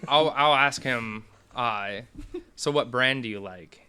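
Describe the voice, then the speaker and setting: Hesitant player, busy table chatter. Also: male voice, medium pitch, slow pace. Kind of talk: tabletop game play.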